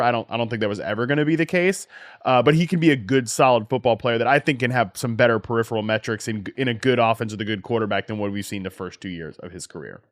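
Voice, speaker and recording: A man co-hosts a fantasy football podcast, energetically running the segments and pitching questions as he moves the talk from team to team. His tone is casual and analytical, and the studio-quality recording has no room sound.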